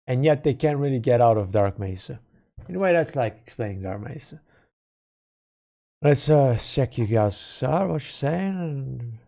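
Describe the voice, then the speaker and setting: A man's voice: mid-range voice, mellow. A man live-streaming, talking through game lore in a rambling way and correcting himself as he goes. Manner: rambling, self-correcting, speculative. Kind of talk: casual live-stream commentary.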